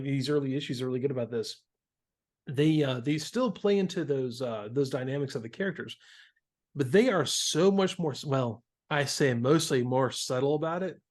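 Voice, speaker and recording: A man's voice: fairly high pitch, darkish tone. A man hosting a casual podcast chat about comics, laughing often and restarting his sentences. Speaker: podcast host.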